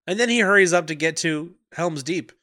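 Guy on a podcast recapping a movie, bright voice, jokey character bits, dry close sound. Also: fairly high pitch, no echo. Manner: recaps the plot, acting out lines in quick jokey voices. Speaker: podcast co-host. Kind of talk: casual movie recap chat.

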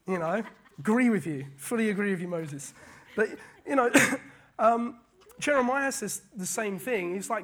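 A man preaching a casual sermon, animated, often repeating words and paraphrasing scripture. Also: high voice, unhurried.

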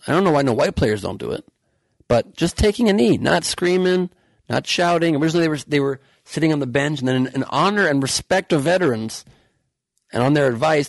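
A man's voice: fairly high pitch, creaky, dry recording. A man hosting a podcast with a sarcastic, profane, heated comedic political rant. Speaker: podcast host.

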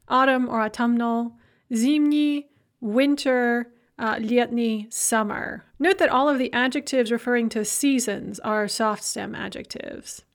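A woman teaching a grammar lesson, explaining clearly in English and reading out careful Russian examples. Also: a little high. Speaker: language teacher.

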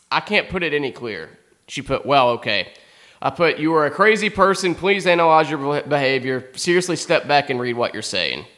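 Profane, animated man telling stories. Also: medium pitch. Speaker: comedy show host. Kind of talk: casual storytelling monologue.

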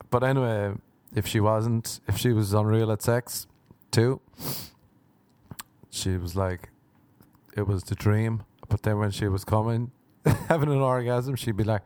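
A man's voice: fairly low pitch, measured pace, pauses often, darkish tone, no room sound. An Irish man hosting a podcast, rambling through a crude comedic monologue and slipping into silly voices. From Ireland. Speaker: podcast host. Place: living in Los Angeles.

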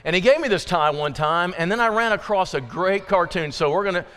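High-voiced man preaching in a reverberant church. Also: animated, a little fast, fairly bright tone, clean tone. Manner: conversational, folksy preaching with asides to the congregation. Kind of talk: sermon. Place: church sanctuary. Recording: long reverb of a church hall.

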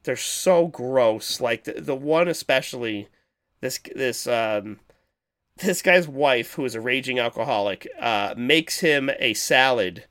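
A man co-hosting a podcast in casual chat, rambling and animated as he retells movie scenes. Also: mid-range voice, measured pace. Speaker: podcast co-host.

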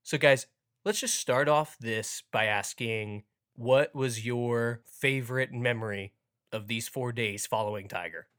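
A man's voice: medium pitch, unhurried, fairly bright tone, clear, resonant tone. A young man hosting a casual sports podcast, joking around and playing up a mock ad read. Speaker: podcast host.

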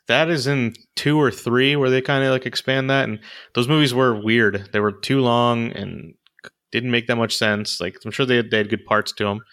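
A man's voice: medium pitch, steady tone, moderate pace, a bit bright. A man co-hosting a casual movie chat, rambling with lots of fillers and restarts. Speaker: podcast co-host reviewing movies.

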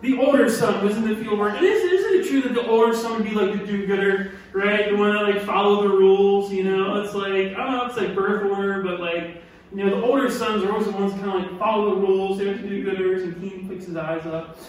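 A man preaching a sermon, animated and emphatic, who repeats key lines and asks his listeners questions. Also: high voice, a little fast. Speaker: pastor. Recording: echoey hall from far off with faint noise.

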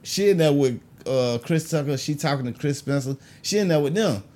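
A man from Augusta, a comedian telling stories in a casual, animated way and acting out the people he quotes. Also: a little fast. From Augusta, Georgia, US. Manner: animated, acts out quoted people with big pitch jumps. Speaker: stand-up comedian guest. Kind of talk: casual storytelling.

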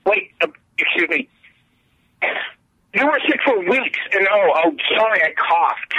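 Give me a high-voiced man with a breathy, bright edge, defensive and apologetic in comic bickering. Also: big pitch swings, unhurried, no room sound, low-quality recording. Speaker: podcast co-host. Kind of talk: comedic bickering banter.

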